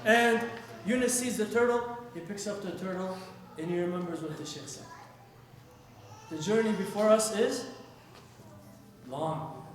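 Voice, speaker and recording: A man telling a moral story to a study circle in a lively, animated way. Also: high voice. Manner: animated, acts out the voices. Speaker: religious teacher. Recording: echoey hall, heard from far off.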